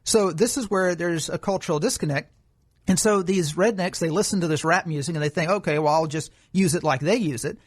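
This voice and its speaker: A man's voice: high-pitched, fairly quick. A man co-hosting a political commentary podcast, explaining his views at length in an argumentative way. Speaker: podcast co-host.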